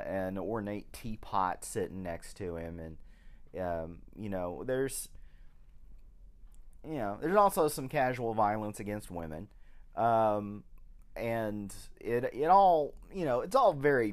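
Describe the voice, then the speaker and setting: A man co-hosting a podcast, chatting casually about an old film in a hesitant way, with many pauses and restarts. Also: on the low side, expressive. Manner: slow, hesitant, full of ums and restarts. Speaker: podcast co-host.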